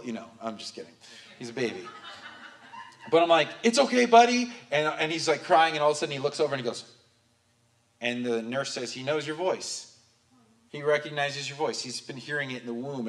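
A man's voice: on the high side, a bit bright. Casual young male preacher. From Southern California. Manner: conversational, joking asides. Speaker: pastor. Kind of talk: sermon.

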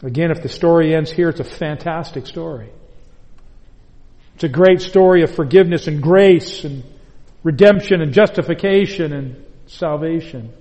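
High-voiced pastor in an echoing hall. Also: male voice, mellow, lo-fi sound. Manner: earnest, deliberate, emphatic repetition. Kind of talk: sermon. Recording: long hall reverb.

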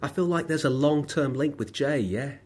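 A man voicing a loud, camp young man gossiping on his phone on a bus. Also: fairly high pitch, normal speed, breathy edge, pitched above the performer's own voice. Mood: gossipy.

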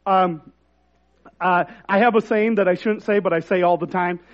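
High-voiced male pastor preaching. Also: fairly even intonation, normal speed, highs cut off. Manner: conversational, self-deprecating, rising to emphatic. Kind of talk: sermon.

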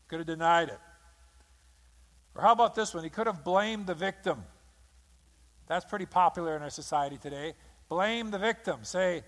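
A man's voice: sits high, normal speed, pauses often. A man preaching a sermon, telling a story dramatically and acting out the quotes of the people in it. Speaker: pastor. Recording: long hall reverb.

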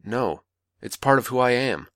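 A man's voice: medium pitch, animated, moderate pace, fairly bright tone, dry recording, pitched above the performer's own voice. A man playing a bitter, wounded young man who talks resentfully and swears, in a dry close recording.

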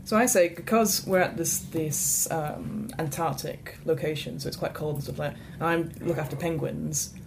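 Woman, lowish voice, casually explaining game rules, faint hiss behind. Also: steady tone, normal speed, gravelly, few pauses. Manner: explaining with many restarts. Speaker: game organiser. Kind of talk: casual tabletop game chat.

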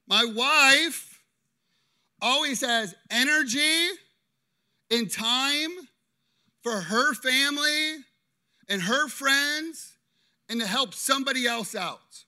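A pastor acting out an offended husband in a sermon skit, pleading in a raised voice. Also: male voice, extremely high pitch, slow, pauses often, pushed and bright, voice pushed up, full character voice. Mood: aggrieved. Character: offended husband, hurt and demanding.

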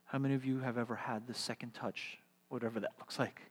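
A man preaching a sermon, asking rhetorical questions and swinging from emphatic to hushed delivery. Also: medium pitch, fairly even intonation, fast talker, breathy edge, big-room sound.

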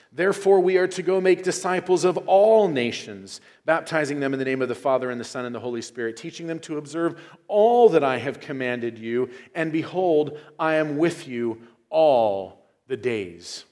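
A male pastor preaching a sermon in a church, moving from quiet, low passages to loud, emphatic ones. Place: church sanctuary.

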